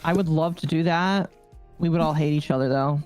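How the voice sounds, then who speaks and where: A podcast co-host chatting over a call with dry, amused reactions, at a mid pitch. Faint music plays in the background. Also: fairly quick, a little mellow, smooth. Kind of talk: casual chat.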